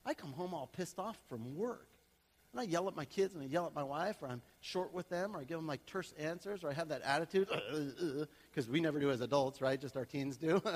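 High-voiced man preaching casually in a reverberant hall. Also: breathy edge. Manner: conversational preaching, swings to loud emphatic passages with laughs. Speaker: pastor. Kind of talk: sermon. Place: church sanctuary.

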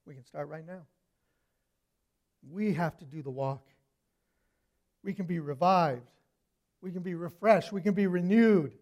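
A man preaching a sermon, telling stories with lively swings from loud to hushed. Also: sits high, measured pace, pauses often, lo-fi sound.

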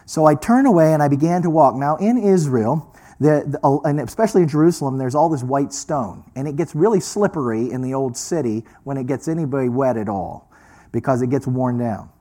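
A man preaching, telling a personal story with lively delivery and acting out the voices of people he met. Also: mid-range voice, fairly quick. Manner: animated storyteller, acts out quoted voices. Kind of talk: sermon storytelling.

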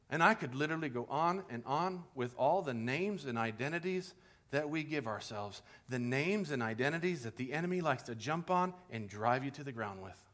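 A middle-aged man preaching a sermon in a church, telling stories and swinging from hushed asides to loud, animated lines. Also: medium pitch. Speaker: pastor. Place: church sanctuary.

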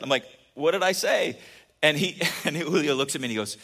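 A man's voice: fairly high pitch, very animated, a little fast, bright, forceful tone. A man preaching a casual, joking sermon, telling stories and often restarting his sentences. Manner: chatty and joking, with many restarts. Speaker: pastor.

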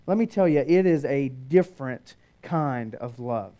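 A man preaching a sermon, shifting between loud emphatic declarations and hushed, quiet passages. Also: mid-range voice, lively intonation, measured pace. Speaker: pastor.

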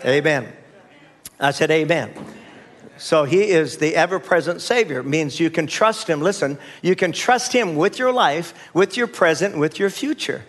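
A man's voice: on the high side, lively intonation, normal speed. An older man preaching a sermon as pastor, leading the church in call-and-response with folksy asides and chuckles.

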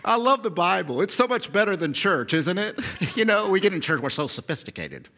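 A man in his forties preaching a sermon as pastor, swinging from loud bursts to hushed whispers. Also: sits high, big pitch swings, a little fast. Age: 40s.

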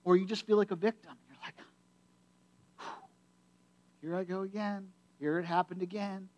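High-voiced man preaching emphatically. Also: a bit bright. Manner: conversational, emphatic preaching with repetition. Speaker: pastor. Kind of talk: sermon.

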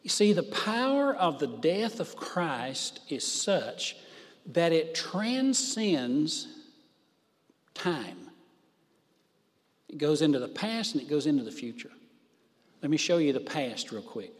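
Very animated, a preacher with a slightly high voice delivers a sermon at a very slow pace. He stresses key words forcefully and stretches out phrases, his voice echoing with a large hall's long reverb.

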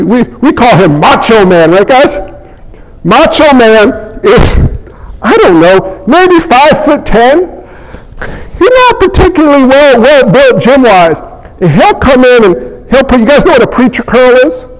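A middle-aged man giving a humorous sermon, telling animated stories and acting out the people in them. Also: very high voice, long reverb tail, poor audio. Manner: animated storytelling, acts out characters. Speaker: preacher.

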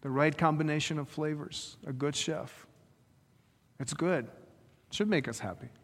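A man's voice: on the high side, normal speed. Man preaching in a reverberant hall. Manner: lively preaching with rhetorical questions. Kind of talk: sermon.

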